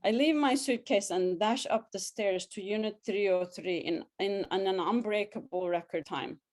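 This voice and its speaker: A woman telling a lively memoir. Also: medium pitch, normal speed. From abroad, newly arrived student in the story. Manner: lively, wry, laughs through lines. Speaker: memoir storyteller. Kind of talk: first-person storytelling, live reading.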